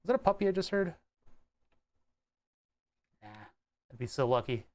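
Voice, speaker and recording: Sitting high and sounding expressive, this young man's voice moves at a moderate pace. He's an electronics hobbyist vlogger from the Delaware County area of Pennsylvania, casually talking to himself and toying with words mid-build.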